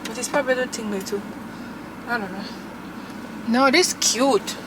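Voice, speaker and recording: A woman's voice: fairly high pitch, normal speed, very noisy. A young woman, chatting and gushing to camera as a vlogger from her car. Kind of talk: casual chat to camera.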